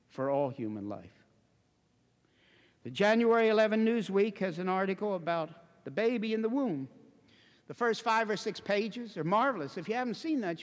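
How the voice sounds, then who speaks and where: Guy preaching a sermon in a big echoey church, high voice, really emphatic and fired up. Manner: impassioned, emphatic, building to forceful declamation. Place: church before a congregation. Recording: long reverberant hall.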